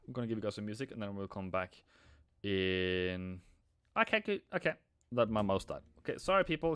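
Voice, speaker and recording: A man's voice: medium pitch, clean tone, dry recording. Chatty man streaming market analysis. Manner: chatty, repeats himself, answers viewers. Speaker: forex trading streamer.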